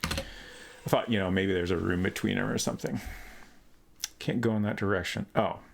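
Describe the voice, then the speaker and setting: Musing man with a creaky voice. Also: low voice, fairly even intonation, normal speed, background noise. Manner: thinks aloud, hesitant and musing. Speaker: streamer. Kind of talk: casual let's-play commentary.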